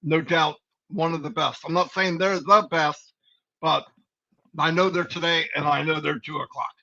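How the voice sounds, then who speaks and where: A man's voice: on the high side, steady tone, moderate pace, sharp tone. A man co-hosting a live company stream, giving rambling, folksy, preachy advice in a casual pep talk. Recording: dull lo-fi stream audio.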